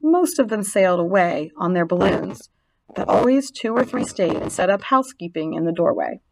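A woman narrating a storybook reading aloud, gentle and expressive. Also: lowish voice, moderate pace, creaky.

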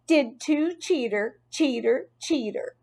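A woman voicing an upset young schoolgirl who shouts accusations through tears, in a storybook reading. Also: lively intonation, slow. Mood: accusing, tearful. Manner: shouting, high and shrill.

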